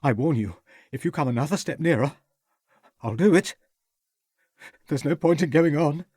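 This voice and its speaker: Male narrator doing a distraught young man, frantic and shouting, voice pushed high and husky. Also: normal speed, dry recording.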